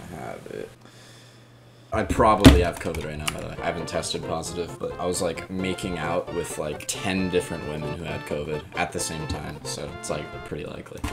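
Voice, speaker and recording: A young man giving casual, joking commentary while streaming a game, with frequent excited exclamations. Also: sits low. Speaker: streamer playing a platform game. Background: loud game music.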